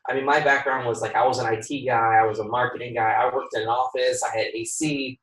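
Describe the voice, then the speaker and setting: A man who works as a home inspector, a guest on a podcast, telling lively stories, acting out the dialogue and laughing often. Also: medium pitch, fast talker. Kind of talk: podcast interview storytelling. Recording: roomy sound from a distant mic.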